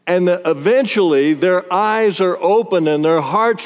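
A man preaching a sermon, telling the story in an animated way and chuckling often. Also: high voice, measured pace, hardly any pauses, clean tone. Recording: long reverb in a large hall.

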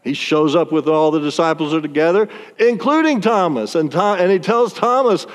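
Brief: male preacher, lively storyteller with frequent chuckles, slightly high voice, long reverb of a large hall. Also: normal speed. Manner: animated storytelling, chuckles often. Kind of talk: sermon.

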